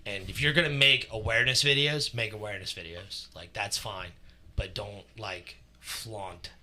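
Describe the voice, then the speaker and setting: A man's voice: lowish voice, fairly even intonation, normal speed, bright, forceful tone. A man co-hosting a podcast, ranting bluntly and swearing freely in casual chat. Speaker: podcast co-host.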